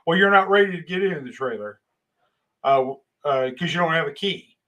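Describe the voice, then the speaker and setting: A man's voice: a little high, lively intonation, a bit bright, poor audio. A man voicing a bossy, angry job-site foreman who scolds a new worker. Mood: scolding. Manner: scolding, rapid, indignant.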